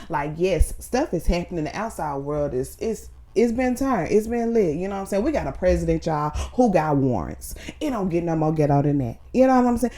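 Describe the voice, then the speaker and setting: A woman vlogger giving an animated, slangy, faith-based motivational talk, full of fillers and repeated phrases. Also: fairly low pitch, fairly quick, few pauses.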